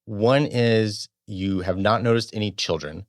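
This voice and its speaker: Deep-voiced man running a tabletop game. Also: no echo. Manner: relaxed, halting with fillers. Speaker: game master.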